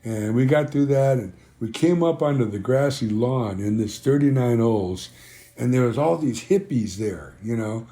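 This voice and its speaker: With lively intonation, a mid-range pitch, a dark tone, and a moderate pace, an older man shares stories as an interview guest. The band founder rambles, uses "you know" as filler, and plays out past conversations.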